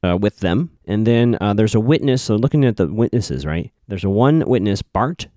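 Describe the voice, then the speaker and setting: A man's voice: on the low side, lively intonation, moderate pace, mellow, dry recording, studio quality. A man giving a casual recap of a TV episode, thinking aloud and correcting himself as he goes.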